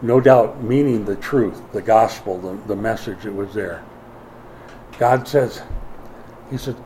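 A middle-aged male pastor preaching a sermon, moving between quiet explanation and emphatic declarations, with folksy asides to the congregation. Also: fairly low pitch, measured pace, long pauses, a little hiss or hum, low-quality recording.

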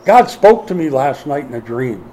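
Man preaching a sermon, mellow voice. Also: mid-range voice, very animated, moderate pace, a little hiss or hum, rough recording. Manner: preaching with swings from quiet to emphatic; folksy asides to the congregation. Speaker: pastor.

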